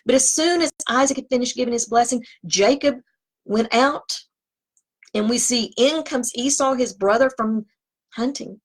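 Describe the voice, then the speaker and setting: A woman's voice: fairly high pitch, moderate pace. A woman teaching scripture, reading the text aloud and breaking off into conversational asides. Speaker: Bible teacher.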